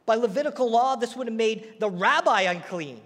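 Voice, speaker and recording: High-voiced male preacher in a reverberant hall. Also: normal speed. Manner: animated storytelling preaching, acting out quotes. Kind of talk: sermon.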